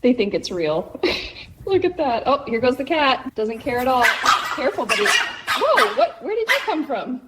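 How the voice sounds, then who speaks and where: High, animated woman chatting to her pets. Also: moderate pace, pauses often, heavy background noise. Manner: laughing, coaxing, exclaiming at her pets. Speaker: pet owner filming her animals. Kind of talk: casual chat. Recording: loud music behind the voice.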